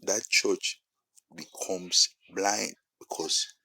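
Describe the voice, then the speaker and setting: A man with a Nigerian English accent preaching a sermon-style monologue, repeating phrases for emphasis and building to loud peaks. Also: deep voice, fairly even intonation, extremely slow, vocal fry, dry recording, low-quality recording.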